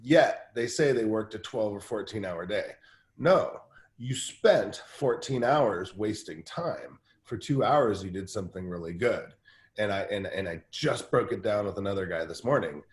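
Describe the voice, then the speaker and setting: A man talking in a casual interview as a guest coach, telling energetic stories with lots of restarts. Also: lowish voice, reverberant. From Southern California. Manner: energetic, fast storytelling with many restarts. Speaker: guest team-building coach.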